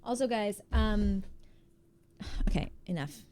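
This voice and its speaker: A woman's voice: mid-range voice, expressive, slow, dark tone, a little hiss or hum. A young American woman streaming live, chatting casually and bubbly, greeting her chat by name and giggling often.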